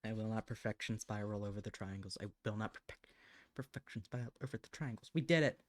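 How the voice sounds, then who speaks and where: A woman's voice: extremely low pitch, fairly even intonation, fast talker, dry recording. A woman live streaming while she draws, chatting casually, muttering to herself as she works and sometimes gushing to her cat, recorded on a desk microphone at home.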